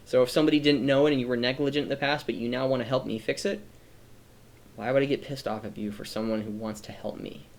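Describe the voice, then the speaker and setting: A man's voice: medium pitch, steady tone, fast. A man streaming a reflective personal monologue, earnest and rambling, often restarting his sentences, emotional and near tears. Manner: earnest, rambling, self-correcting.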